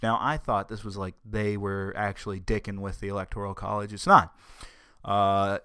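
A man's voice: lowish voice, normal speed, sharp tone, no room sound, clean studio sound. A man hosting a podcast, giving casual political commentary in a sarcastic tone and often stumbling over his words. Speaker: podcast host.

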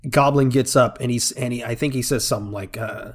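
Excitable man recapping a movie. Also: medium pitch. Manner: excited, laughs often, fast retelling with restarts. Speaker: podcast co-host. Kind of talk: casual movie review chat.

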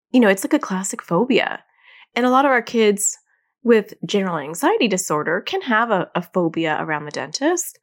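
A middle-aged woman, a therapist hosting a podcast, giving casual advice to parents in an animated, conversational way and laughing at herself. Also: mid-range voice. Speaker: podcast host and child anxiety therapist.

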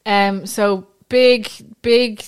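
Smooth-voiced woman telling a case story. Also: mid-range voice, steady tone, extremely slow. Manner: chatty, many ums and restarts, quips. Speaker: podcast co-host telling the case. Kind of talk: casual storytelling chat.

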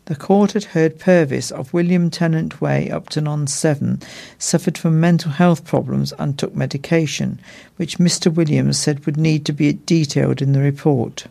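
A man reads out a local court report. His voice sits a little high for a man and has a gravelly, creaky texture. He keeps a measured, formal newsreading pace. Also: steady tone, dark tone. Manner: measured, formal reading with small stumbles. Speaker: news reader. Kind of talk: read court news report.

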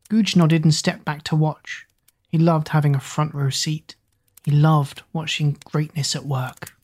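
Audiobook narrator, woman, low and husky, measured. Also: flat delivery, darkish tone. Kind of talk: storybook narration.

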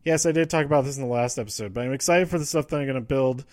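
A man hosting a casual, rambling recap show from a quiet home room, full of fillers and restarts. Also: mid-range voice, no room sound, studio quality. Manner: rambling, frequent fillers and restarts, quotes wrestlers in quick asides. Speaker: podcast host recapping wrestling.

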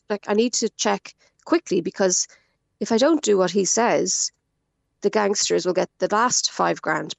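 Gravelly, dry-miked Irish woman, animated radio storyteller. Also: medium pitch, dry recording, muffled recording. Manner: animated storytelling, quotes others. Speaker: scam victim guest. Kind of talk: radio interview.

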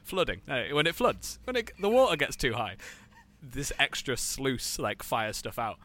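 A man's voice: mid-range voice, very animated, moderate pace, pushed and bright. A man co-hosting a podcast, chatting casually and telling rambling anecdotes. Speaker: podcast co-host. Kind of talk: casual chat.

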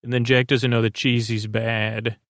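A podcast host casually recaps a TV episode, rambling along with plenty of fillers and self-corrections. His voice is medium-pitched and fairly bright, with little pitch movement and a moderate pace. The clean studio recording has no room sound.

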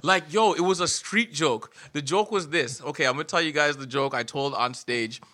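A man from Canada hosts a casual comedy podcast, telling loose stories and bursting into laughter. His voice sits a little high and rings bright. He slips into other voices when he acts out a joke. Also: normal speed. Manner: loud, laughing storyteller who acts out voices in jokes. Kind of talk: casual chat.

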